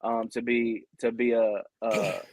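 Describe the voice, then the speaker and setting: A man's voice: mid-range voice, flat delivery, unhurried, darkish tone, dry recording. Earnest rambling young man on a podcast. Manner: rambling, peppered with "you know what I mean"; earnest and heartfelt. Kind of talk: casual podcast chat.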